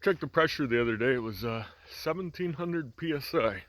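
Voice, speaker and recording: Brisk and medium-pitched, a male farmer vlogger talks through his farm chores while walking outside and filming handheld. It's casual walk-and-talk narration, relaxed and rambling, with many fillers and restarts.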